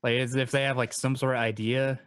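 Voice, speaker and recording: A man's voice: medium pitch, flat delivery, brisk, clear, resonant tone, no room sound. A man playing a tabletop game, asking hesitant questions full of fillers. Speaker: player. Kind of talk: casual chat at a game table.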